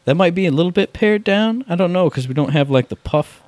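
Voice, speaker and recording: A young man co-hosting a casual podcast, telling rambling stories in a relaxed way. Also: high-pitched, brisk, dry recording. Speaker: podcast co-host. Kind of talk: casual chat.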